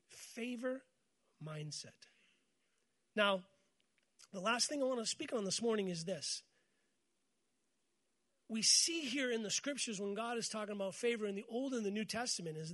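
A man with a high, light voice preaches a morning sermon. He keeps calling on the congregation to repeat his words back to him, and he mixes scripture with joking stories. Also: sharp tone. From United States. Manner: call-and-response with congregation, storytelling with humor. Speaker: pastor.

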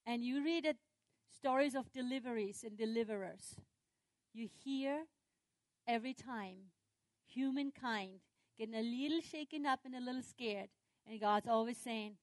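A woman preaching a sermon, retelling a scripture story with lively, dramatic swings in her voice. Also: on the high side, unhurried, pauses often, no room sound.

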